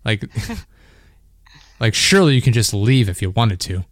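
A man's voice: lowish voice, unhurried, dry recording, studio quality. A man hosting a podcast, telling stories animatedly with frequent swearing and laughter. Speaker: podcast host. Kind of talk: casual chat.

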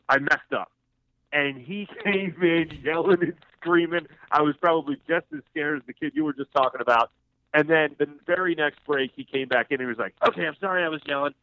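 A man calling in as a guest, telling relaxed, rambling stories with a few laughs. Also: a little high, a little fast, slight background noise. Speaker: phone-in guest. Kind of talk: casual chat, storytelling. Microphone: phone. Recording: tinny phone line.

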